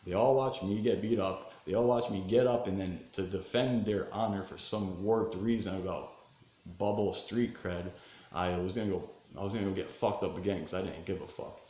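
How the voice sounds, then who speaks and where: A man in his thirties telling a rough personal story in a casual, profane way, getting heated and then calming down, recorded at home in his living room. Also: low-pitched, moderate pace. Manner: profane, animated, swings between fired-up and subdued. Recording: roomy echo, faint background noise.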